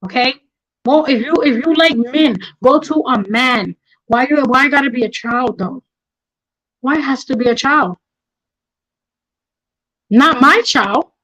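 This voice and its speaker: With a high, slightly bright voice at a measured pace, a middle-aged woman hosts a livestream, heard on poor audio. She speaks angrily and with passion, repeating herself to hammer home her points in emotional talk.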